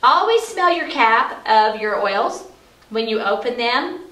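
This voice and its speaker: A woman's voice: fairly high pitch, lively intonation, unhurried, bright, forceful tone. A middle-aged woman teaching about essential oils in a chatty, explanatory way, with frequent fillers, recorded in an office. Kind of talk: casual instructional talk. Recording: echoey room, far from mic.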